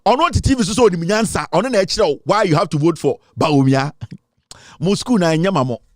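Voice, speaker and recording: A Ghanaian man rants in mocking political commentary, his voice pitched high and swinging widely up and down. He taunts and laughs often, and the sound is close and dry. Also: lively intonation, brisk, no room sound. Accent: Ghanaian English. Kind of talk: ranting online commentary.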